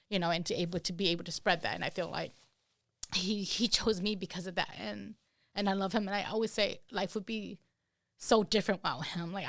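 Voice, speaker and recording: In a candid, conversational podcast interview, a woman guest who parents an autistic child speaks earnestly with medium pitch, a touch of brightness, and vocal fry. "You know" crops up frequently, and the sound is dry and studio quality.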